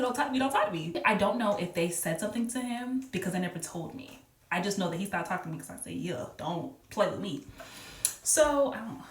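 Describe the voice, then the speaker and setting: A woman casually telling a work story on camera, animated and laughing often as she acts out what people said. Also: lowish voice. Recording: roomy echo, mic a little far off.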